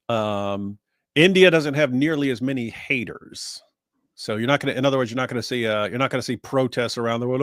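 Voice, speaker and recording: A man co-hosting a live-stream, explaining points in a casual, lively way. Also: mid-range voice, no room sound, studio quality. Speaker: co-host.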